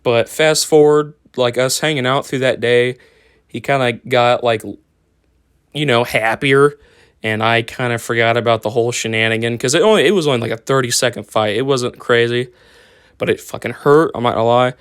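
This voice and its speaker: Young guy rambling through a story time, smooth voice, dry sound, cusses a lot. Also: medium pitch, moderate pace, a bit bright, dry recording. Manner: rambling, profane, lots of fillers and restarts.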